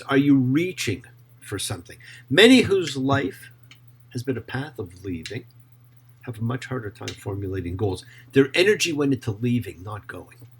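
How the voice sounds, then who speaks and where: A man who is a rabbi, teaching Torah in an emphatic, expressive way and often asking rhetorical questions. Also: mid-range voice, breathy edge.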